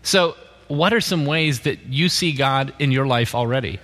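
A man interviewing members of a church community, asking gentle follow-up questions. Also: mid-range voice, moderate pace, long reverb tail.

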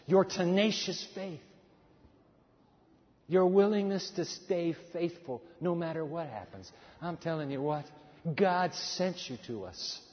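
A male pastor preaching a sermon, swinging between loud, fervent passages and hushed, quiet ones. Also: a little high, unhurried. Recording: dull sound in a hall with long reverb.

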